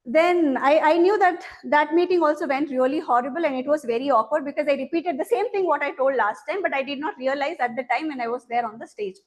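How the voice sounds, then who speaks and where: A young woman with a high voice tells a prepared story at a speaking club, heard over a video call. She speaks briskly and animatedly with hardly any pauses, acting out the people she quotes.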